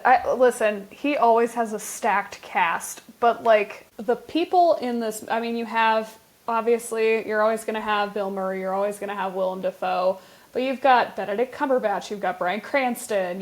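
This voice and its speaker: A woman co-hosting a podcast, chatting casually about a film in an animated, emphatic way. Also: medium pitch, a little slow. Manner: animated, emphatic, laughs often. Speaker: podcast co-host. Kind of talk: casual film review chat.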